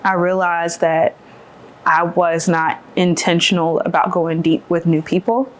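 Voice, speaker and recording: A woman's voice: lowish voice, fairly even intonation, unhurried. Earnest woman in casual chat. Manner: earnest, reflective, many fillers and restarts. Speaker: podcast guest, older sister.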